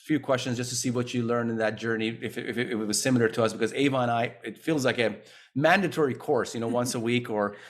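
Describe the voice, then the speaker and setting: A man's voice: mid-range voice, fast talker. A man co-hosting an interview podcast who asks long, loosely built questions and often restarts them. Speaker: podcast co-host. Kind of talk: casual interview talk.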